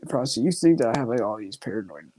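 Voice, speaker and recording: A man's voice: mid-range voice, lively intonation, quick pace, mellow. A man guest in a casual podcast chat, telling stories insistently, repeating himself and swearing.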